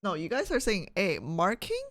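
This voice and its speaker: A woman's voice: medium pitch, wildly swooping pitch, moderate pace, fairly bright tone, no room sound. A woman from Canada streaming live, reading test questions aloud and thinking through them with her viewers, laughing often.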